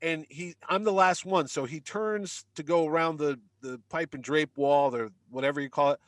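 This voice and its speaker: A middle-aged man from Connecticut, a podcast guest, telling a casual anecdote in an animated way and acting out the people in it. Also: on the high side, moderate pace, dry recording. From Connecticut, United States. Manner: animated anecdote-teller who acts out the other people in his stories. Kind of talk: casual storytelling.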